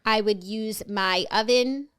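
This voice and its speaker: A woman in her thirties co-hosting a podcast, chatting casually and playfully with quick quips. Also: mid-range voice, fairly bright tone, smooth. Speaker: podcast co-host. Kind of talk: casual chat.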